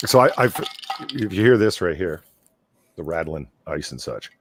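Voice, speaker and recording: Tipsy male guest, joking storyteller; lowish voice with very lively pitch. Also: moderate pace, slight background noise. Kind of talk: casual stream chat.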